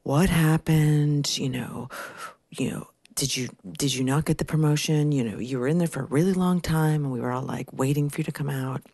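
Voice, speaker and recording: A woman voicing an older office woman pressing self-help advice with brisk insistence. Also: low-pitched, darkish tone, breathy edge, no echo. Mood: pushy.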